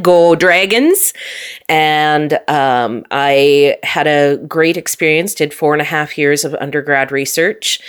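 Guest: deep-toned woman, Upper Midwest accent, chatty and quick to laugh. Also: smooth. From North Dakota. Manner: chatty, laughs often, frequent ums. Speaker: guest scientist. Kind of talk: casual interview chat.

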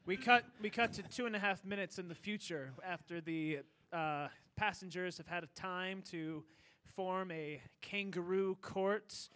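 A man narrating an improv comedy scene in a casual, halting way. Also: high voice, a bit bright.

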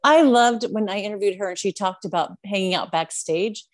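A woman's voice: mid-range voice, a little fast, no room sound, clean studio sound. A woman interviewing a guest, reacting with enthusiasm and asking follow-up questions. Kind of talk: conversational interview.

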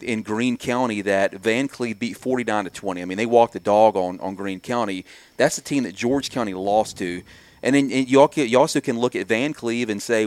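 A lower-voiced man breaks down football in a fluent, colloquial way, working through comparisons. His voice is smooth and clear. The recording is dry and close. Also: no room sound. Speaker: sports analyst. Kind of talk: casual sports talk.

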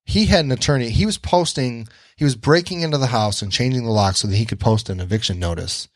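Speaking at a quick pace in a mid-range voice, with no echo, a man from the Detroit area hosts a podcast. He tells his story casually, dropping plenty of curse words and acting out other people's lines.

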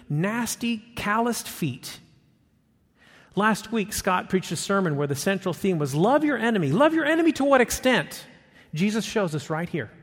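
A man preaching a sermon as pastor, emphatic, rising on his questions and dropping low and soft for quotes. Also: breathy edge, long reverb tail.

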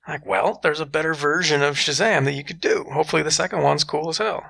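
A man chatting loosely about superhero movies, his voice heavily gravelly with a bright, forward edge. He talks in an animated, profane way and keeps slipping into quick acted-out reactions. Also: fairly high pitch, a little hiss or hum. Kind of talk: casual film discussion.

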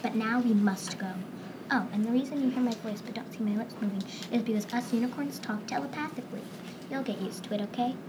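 A woman's voice: a little high, fast, background noise, natural voice. A woman voicing a cheerful male unicorn who talks in a breezy, reassuring way. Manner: breezy and chatty.

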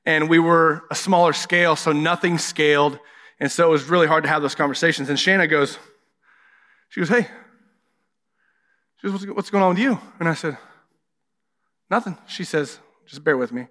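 Male pastor, slightly high bright voice, candid storytelling sermon, reverberant church hall. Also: fairly even intonation, normal speed, long pauses. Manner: candid, conversational preaching with personal stories.

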